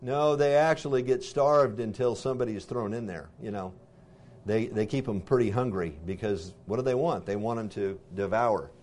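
A man reading scripture aloud and pausing to explain it in a conversational way, asking his listeners questions. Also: lowish voice, a little mellow. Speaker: Bible teacher.

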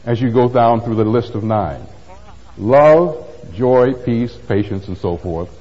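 A man's voice: mid-range voice, slow pace. An older man giving a conversational sermon, posing rhetorical questions and adding wry asides. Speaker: pastor. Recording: dull lo-fi sound in a reverberant hall.

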